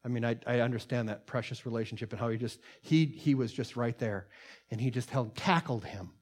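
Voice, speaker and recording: Man, preacher, earnest sermon, reads quotes aloud, mid-pitched, loud on the quotes. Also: a little fast. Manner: earnest, rising in volume on quotes, many fillers. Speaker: pastor. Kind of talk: sermon with read-aloud transcript.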